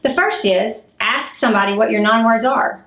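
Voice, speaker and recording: A fairly high-pitched, middle-aged woman teaching a public speaking lesson. She talks clearly and demonstratively, acting out her examples. The room around her is echoey. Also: normal speed, fairly bright tone.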